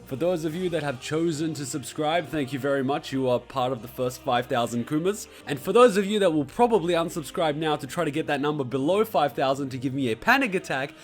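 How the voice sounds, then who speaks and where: A man's voice: on the high side, lively intonation, brisk, hardly any pauses, soft background music. A man from Serbia hosting his YouTube channel in a chatty, joking way. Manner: chatty, joking, swears for fun. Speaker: YouTube host. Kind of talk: casual vlog talk.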